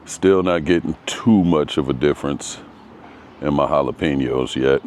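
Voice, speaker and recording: A man's voice: extremely low pitch, moderate pace, darkish tone, slight background noise. A man giving a casual vlog walk-through of his home garden outdoors, talking in a hesitant, rambling way with frequent ums. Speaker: gardening vlogger.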